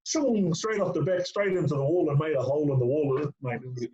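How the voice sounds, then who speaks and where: A fast-talking, animated middle-aged man with a mellow voice on the high side is a former player guesting on an interview. His casual storytelling is full of fillers, and he calls the host mate. The recording is lo-fi with a dull sound.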